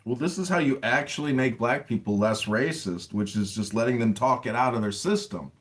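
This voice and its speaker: A man's voice: mid-range voice, brisk, fairly bright tone. A man making blunt, provocative declarations in a casual online voice chat.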